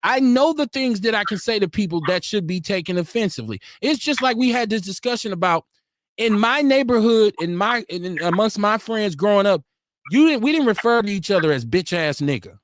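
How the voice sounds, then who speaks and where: A brisk, high-voiced man co-hosts a podcast over a remote live stream, and the sound is clean and studio-like with no echo. Animated and argumentative, he pushes his point hard in a heated casual debate, acting out quotes as he goes.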